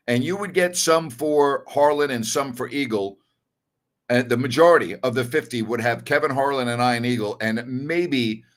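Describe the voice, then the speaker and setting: On a sports talk show, the male host speaks in a mid-range, a bit bright voice. He's blunt and opinionated yet casual, peppering his talk with fillers and self-corrections, restating points for emphasis and pulling back his own harsh words.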